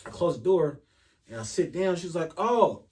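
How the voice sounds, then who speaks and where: A man casually telling an animated, profane story on a podcast, acting out the dialogue as he goes. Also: a little high, brisk. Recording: voice a bit far from the mic.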